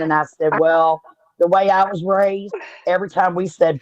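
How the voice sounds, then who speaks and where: A woman's voice: fairly low pitch, fairly even intonation, moderate pace, a little mellow, dry recording, dull audio. A woman from Southern Indiana with a Southern US accent, co-hosting a casual talk show with chatty, folksy storytelling. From Southern Indiana, USA. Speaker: podcast co-host. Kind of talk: casual chat.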